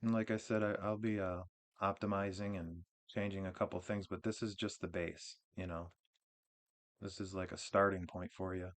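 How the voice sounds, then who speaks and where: A man hosting his own gaming channel, casually walking through a game build in a relaxed, rambling way, with frequent restarts and fillers. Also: low-pitched, normal speed.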